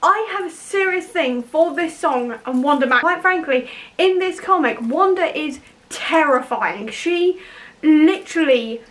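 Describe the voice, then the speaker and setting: Young girl, high voice, excitable book vlog, kinda breathless and gushy. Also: unhurried. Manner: gushing, excitable, animated. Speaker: book vlogger. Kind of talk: enthusiastic casual vlog.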